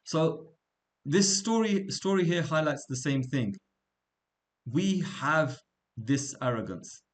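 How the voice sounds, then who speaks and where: A man's voice: a little high, animated, slow. A man from England teaching a small class in an informal, conversational way. He wanders into side stories and asks the room questions as he goes. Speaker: religious studies teacher.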